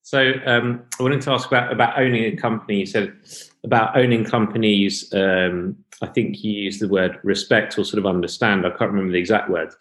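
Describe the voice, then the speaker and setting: A man hosting a podcast from his home flat over a video call, telling stories in a loose, rambling way with fillers. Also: lowish voice, brisk. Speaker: podcast host. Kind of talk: casual podcast chat. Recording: roomy home sound.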